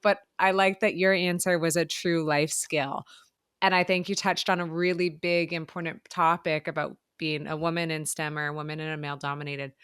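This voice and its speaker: Effusive woman host with a low voice. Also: flat delivery, moderate pace, clean tone, dry recording, studio quality. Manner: warm, effusive, chatty. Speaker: podcast host. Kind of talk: casual interview.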